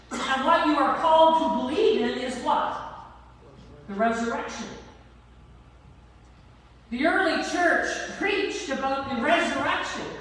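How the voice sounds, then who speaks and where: A high-voiced woman pastor preaches slowly and emphatically, drawing out the ends of her lines. She is recorded from a distance in a large church hall, with a long, echoing reverb and faint room noise behind her. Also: a bit bright. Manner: slow, emphatic preaching with drawn-out endings. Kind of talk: sermon. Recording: echoey church hall from far off.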